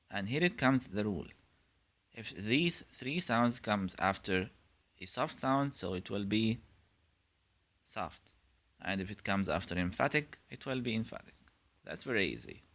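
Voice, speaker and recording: A man teaching pronunciation in a clear instructional style, drilling sounds in repeated pairs. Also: on the low side, sharp tone. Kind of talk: slow, clear instructional lesson.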